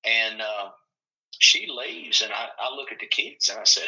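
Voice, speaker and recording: Folksy storytelling man, bright lo-fi voice. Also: lowish voice, unhurried. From Tennessee. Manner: folksy, animated storyteller acting out quotes. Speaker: football coach. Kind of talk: casual storytelling chat.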